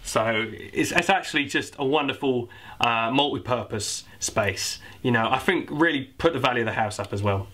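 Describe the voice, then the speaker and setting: A man's voice: medium pitch, normal speed, fairly bright tone. A young British man in a comedy sketch, playing an awkward, rambling author plugging his own book. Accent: British English. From Britain. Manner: rambling, awkward, self-promoting. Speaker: comic playing a self-published author.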